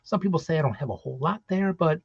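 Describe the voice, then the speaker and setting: Male Santa performer, chatty and rambling, voice a touch high, dull dry lo-fi sound. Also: expressive, fast talker, husky, dry recording. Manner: rambling, many restarts and fillers. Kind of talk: casual motivational talk.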